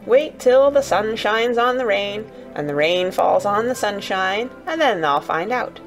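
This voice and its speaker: A woman's voice: medium pitch, expressive, a little slow, faint music behind. A woman doing a grumpy old gardener. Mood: gruff. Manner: grumbling, blunt country dialect.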